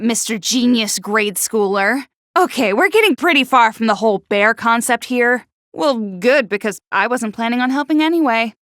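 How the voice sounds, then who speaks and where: A woman voicing a prickly, sharp-tongued teenage girl in a video game, who stutters when flustered. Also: fairly high pitch, no room sound, studio quality. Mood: snarky. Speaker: game character.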